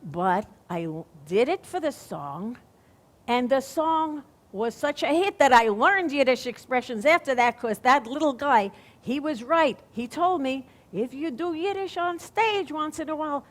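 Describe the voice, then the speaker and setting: Chatty Brooklyn comedienne, stage monologue, played by an actress; pitched a bit high. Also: female voice, expressive, normal speed. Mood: confiding. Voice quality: chatty, wisecracking storyteller. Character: Fanny Brice, wisecracking female stage comedienne. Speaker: stage performer. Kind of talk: one-woman stage monologue. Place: theater stage.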